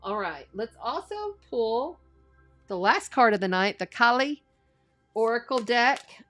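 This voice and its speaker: A woman doing a live tarot reading in a casual, earnest way, offering spiritual encouragement and slowly reading card meanings aloud. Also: a little high, animated, fairly bright tone, soft background music. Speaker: astrology and tarot reader.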